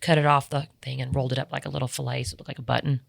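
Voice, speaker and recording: A woman guest on a podcast in a studio, telling lively stories about competition cooking. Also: very deep voice, racing, creaky, dry recording. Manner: lively anecdotal storytelling. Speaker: barbecue competition cook, guest. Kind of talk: casual storytelling in conversation.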